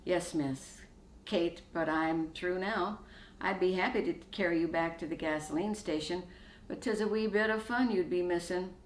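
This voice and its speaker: Courteous young Irishman, old-fashioned manners, read by a woman, lowish voice, echoey room. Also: moderate pace, slight background noise, natural voice. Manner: polite, courteous, calls her miss.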